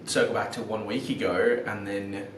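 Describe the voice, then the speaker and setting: A man's voice: lowish voice, flat delivery, normal speed, reverberant, slight background noise. A man hosting a podcast, tossing in short agreeing interjections and casual questions. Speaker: podcast host.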